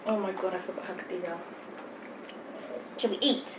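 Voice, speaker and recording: A woman's voice: mid-range voice, steady tone, moderate pace. Chatty woman eating on camera. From United Kingdom. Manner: chatty, giggly, talking while eating. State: slightly out of breath. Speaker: vlogger. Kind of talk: mukbang chat. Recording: echoey room with background noise.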